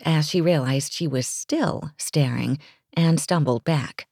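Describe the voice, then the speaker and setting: Low, gravelly woman narrating a romance. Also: slow, darkish tone, no echo, studio quality. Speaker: audiobook narrator.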